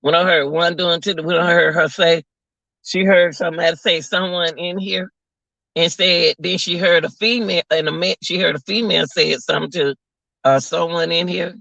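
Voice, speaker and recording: A man gives casual live commentary, incredulous and repetitive as he addresses his viewers. His voice is gravelly with a bright, cutting tone. The recording is dry, dull and lo-fi. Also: on the high side, fairly even intonation, brisk, dry recording. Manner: incredulous, repeats phrases, talks to viewers as y'all. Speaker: commentary vlogger. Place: at work, away from home. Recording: dull lo-fi audio.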